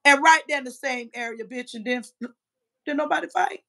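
A woman in her fifties with a high-pitched voice, ranting on a livestream. She trash-talks in a combative, profane way, swinging between loud outbursts and muttered asides. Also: a little fast, vocal fry. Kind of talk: heated livestream rant.

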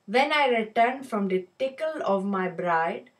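A woman's voice: medium pitch, animated, a little slow, close to an everyday voice. A woman voicing a lovestruck young male shopkeeper in a put-on Indian English accent, reciting a dramatic poem in a rhythmic, singsong way. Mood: giddy. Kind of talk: dramatic poetry reading.

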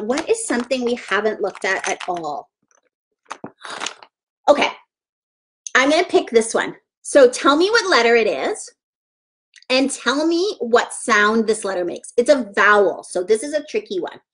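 A woman's voice: on the high side, fairly bright tone. A woman teaching a live online letters-and-sounds lesson to young children, encouraging and sing-song as she praises each child by name.

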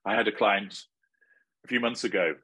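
A middle-aged man speaks in a very low, husky voice. He answers interview questions in a measured, assertive way, laying out his points like a lecture. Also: steady tone, sharp tone. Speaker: interviewee giving advice.

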